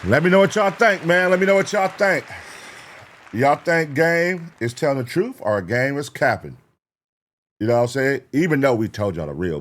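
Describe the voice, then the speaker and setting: A man's voice: medium pitch, normal speed. A man hosting a reaction video, talking casually in slang, repeating points and asking viewers what they think. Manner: animated, slangy, repeats himself, asks the viewers.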